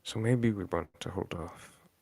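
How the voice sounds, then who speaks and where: A man's voice: sits low, unhurried, gravelly, darkish tone, dry recording, studio quality. A man playing a tabletop game, cautious and hesitant in what he suggests. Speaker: player. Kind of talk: casual tabletop role-play.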